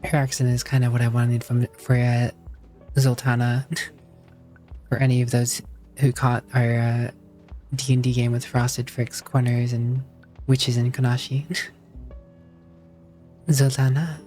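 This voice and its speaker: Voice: mid-range voice, little pitch movement, unhurried, pauses often, mellow, soft background music. A streamer with a US Southern accent, chatting casually and reading game dialogue aloud, easygoing and chuckling between remarks.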